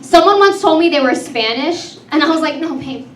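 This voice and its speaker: A woman in her thirties with a high voice works a comedy club crowd in a chatty, self-mocking stand-up set. Her voice comes from a distance into an echoey room, under loud noise. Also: expressive, brisk. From Texas. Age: 30s. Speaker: comedy host.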